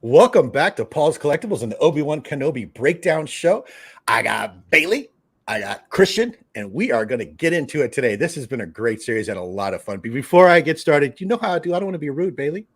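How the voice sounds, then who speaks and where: With a husky, sing-song voice on the high side, this collectibles show's live-stream host talks fairly quickly. He keeps things casual and jokey, calling out chat viewers by name.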